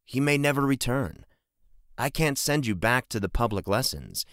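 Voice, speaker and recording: A man voicing a concerned middle-aged farmer speaking calmly to his daughter. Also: mid-range voice, normal speed, no room sound, studio quality, voice pushed up. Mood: gentle. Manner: calm, fatherly.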